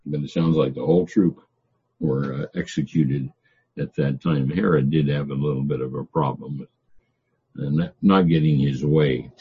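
A man teaching a Bible passage verse by verse, reading a line of scripture and then explaining it in his own words, pausing often on "uh". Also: extremely low pitch, steady tone, breathy edge, muffled recording. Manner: reads scripture then explains it, with frequent "uh" pauses.

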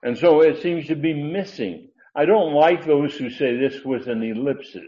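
A mellow, fairly high male voice delivers a Bible grammar lecture at a moderate pace. His talk rambles through fillers and false starts until he leans heavily on the key ideas. The audio is dull and lo-fi.

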